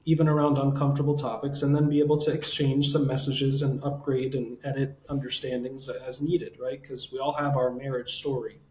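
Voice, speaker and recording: A man hosting a podcast, a counselor explaining relationship advice in a reflective, measured way. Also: mid-range voice, flat delivery, darkish tone. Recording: echoey room with faint ambience.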